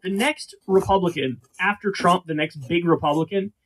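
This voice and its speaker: Rich: A man with a notably high voice holds forth as host, sarcastic and worn out by what he is reacting to. His talk is casual, profane and full of ranting asides. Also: moderate pace, a bit bright, a little hiss or hum. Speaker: show host reacting to clips.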